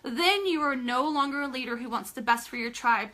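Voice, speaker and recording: Her voice sits high, pushed and bright, and runs a little fast. Live before team leaders, she gives an emphatic, direct motivational talk, repeating phrases to stress them, addressing listeners and urging them to comment.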